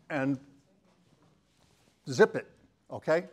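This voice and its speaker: A man's voice: a little high, slow, pauses often. An older man giving a casual presentation to a live audience, chatty and joking, bantering with the crowd. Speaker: talk presenter.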